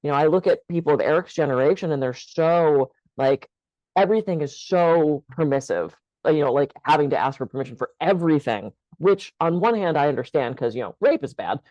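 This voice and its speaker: A woman's voice: low-pitched, animated, brisk, warm tone, dry recording, muffled recording. Candid older woman telling a story. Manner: candid, storytelling, laughs often. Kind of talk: casual conversation.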